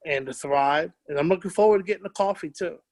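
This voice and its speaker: A man giving a casual product testimonial as a webinar guest, halting and full of fillers. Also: on the high side, darkish tone, dry recording. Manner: halting, many fillers and restarts.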